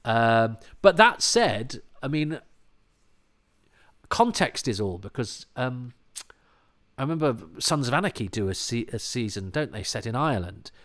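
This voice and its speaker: A man's voice: mid-range voice, big pitch swings, unhurried, fairly bright tone. A British man chatting casually on a podcast, full of false starts and repeated words, with chuckling asides. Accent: British English. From Britain. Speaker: podcast commentator. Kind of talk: casual chat.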